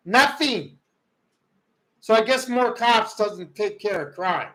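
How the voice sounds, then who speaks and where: Heated high-voiced man ranting live. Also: slow, rough recording. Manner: heated, swings from loud outbursts to muttering. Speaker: livestream host. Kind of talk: ranting political commentary. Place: rural home.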